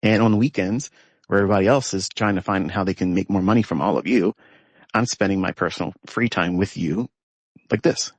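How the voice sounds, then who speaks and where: A man's voice: low voice, a little fast, breathy edge, no room sound. A man teaching trading, talking unscripted from inside a parked pickup truck in an emphatic, scornful way, stretching out the words he stresses. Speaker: trading educator. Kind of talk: unscripted ranting monologue.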